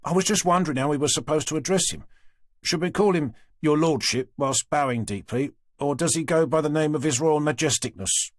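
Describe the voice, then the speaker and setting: A man's voice: a little high, brisk, dry recording, studio quality, voice pushed up, natural voice. A man reading an audiobook, voicing a cheeky young police officer who jokes and teases. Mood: teasing. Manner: joking, teasing.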